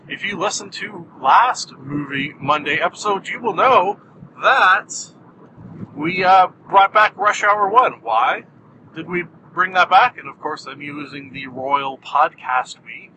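A man hosting a solo podcast, talking in a wry, deadpan, self-mocking way with jumpy, animated delivery. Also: high-pitched, noisy background. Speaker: podcast host.

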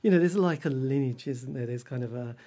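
A man's voice: medium pitch, fairly quick, warm tone. A man hosting a casual interview over a video call, rambling with many fillers and restarts. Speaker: podcast host interviewing a musician.

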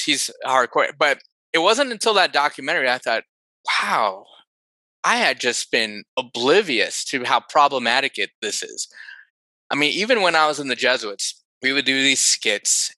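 Bright punchy guy on a podcast, dry close mic, thoughtful and kinda animated. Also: mid-range voice, no room sound, poor audio. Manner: thoughtful, animated, with self-corrections. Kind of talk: casual conversation.

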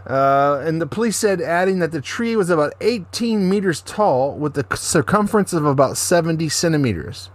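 A man's voice: a little high, expressive, normal speed, few pauses. A man co-hosting a casual podcast, reading a news story with frequent stumbles and corrections, then joking sarcastically. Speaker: podcast co-host.

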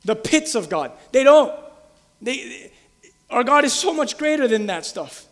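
Male pastor, high voice, passionate sermon, direct questions to the congregation, long hall reverb. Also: big pitch swings, unhurried. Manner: impassioned, building to loud emphatic peaks.

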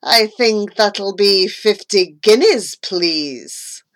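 A woman voicing a gleeful, greedy male dentist in a storybook poem, exclaiming loudly. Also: mid-range voice, animated, extremely slow.

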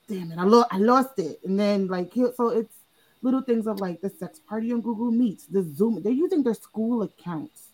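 Woman panelist, parent, lively anecdotal delivery with playful quoted voices, somewhat low speaking voice. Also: rough recording. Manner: animated storyteller, acts out quoted voices in a high pitch. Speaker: panelist and mother. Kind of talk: casual panel chat.

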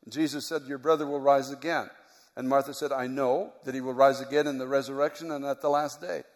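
A man preaching a sermon, moving from quiet, reflective teaching to loud, impassioned preaching. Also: medium pitch, fairly even intonation, brisk. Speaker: pastor. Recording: long hall reverb.

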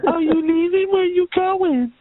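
High voiced woman on a chatline, sassy and unbothered, drawls honey a lot, dry thin phone sound. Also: a little slow, dry recording. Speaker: chat line caller. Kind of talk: heated phone argument. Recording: dry tinny phone line.

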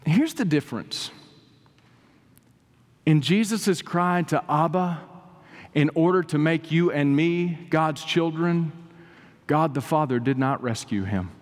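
A man preaching a sermon as pastor, with dramatic swings between soaring emphasis and hushed, drawn-out lines. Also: fairly high pitch. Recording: long reverb of a large hall.

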